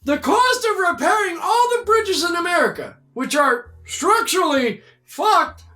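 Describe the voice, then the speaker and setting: A woman co-hosting a comedy podcast, ranting loudly and swearing often. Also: extremely high pitch, big pitch swings, a little slow. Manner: loud, shouting, swears often. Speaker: podcast co-host. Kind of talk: profane comedic rant.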